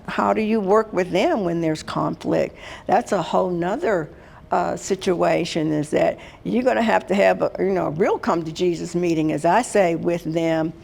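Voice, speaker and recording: A woman's voice: lowish voice, gravelly, darkish tone. An older woman from Washington, D.C., an HR consultant giving a workshop talk on workplace conflict in a folksy, direct way, speaking straight to the room.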